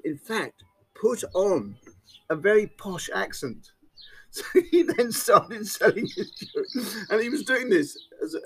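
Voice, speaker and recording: A man's voice: high-pitched, slight background noise. Rambling, laughing male storyteller. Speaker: podcast host. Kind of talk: casual chat, anecdote.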